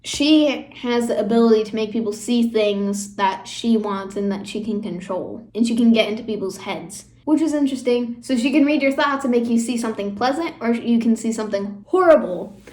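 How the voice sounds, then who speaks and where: A young woman with a slightly high voice talks casually to her viewers. She rambles in an emotional way and fills her speech with "like" and "you know." The recording picks up a roomy echo. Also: normal speed, few pauses, darkish tone. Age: young adult. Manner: rambling and emotional, with frequent fillers and laughs. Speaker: YouTuber. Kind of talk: casual fan commentary. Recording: echoey room.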